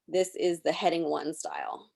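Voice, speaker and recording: A woman presenting a workshop over a video call, explaining software step by step as she clicks through it. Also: low voice, moderate pace, gravelly. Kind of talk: live software demonstration.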